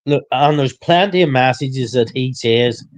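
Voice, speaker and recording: A man's voice: mid-range voice, a little slow. A man hosting a casual livestream chat, rambling and repeating himself, getting heated.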